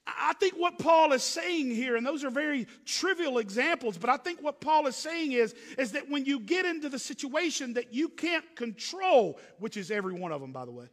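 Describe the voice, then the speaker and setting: A man preaching a sermon as pastor, swinging from loud emphatic preaching to low, hushed asides. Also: big pitch swings, normal speed, hardly any pauses, long reverb tail.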